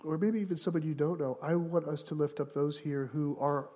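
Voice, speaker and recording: A man preaching a sermon as pastor, earnest and repeating phrases for emphasis, rising to louder passages and falling quiet for prayer. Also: on the high side, fairly even intonation, fast.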